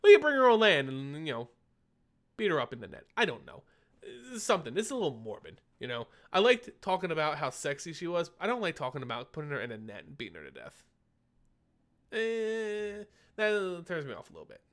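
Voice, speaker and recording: A man's voice: fairly high pitch, sing-song, fast. A young man hosting a casual live stream, chatting and answering viewer questions, a little phlegmy. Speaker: streamer host.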